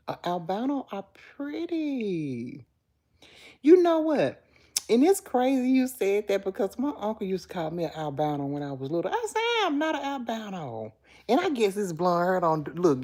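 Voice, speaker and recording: A woman in her fifties with a Southern drawl chats with her viewers on a live stream, calling them by name and joking. Her pitch swings up and down a lot, and her voice sounds mellow and warm. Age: 50s. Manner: chatty, greets viewers by name, playful. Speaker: livestream host. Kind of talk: casual live chat.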